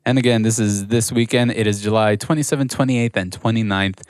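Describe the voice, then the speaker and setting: A man from Texas co-hosting a podcast, swearing freely in relaxed chat. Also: fairly low pitch, brisk, smooth. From Texas, USA. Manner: profane, laid-back. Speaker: co-host.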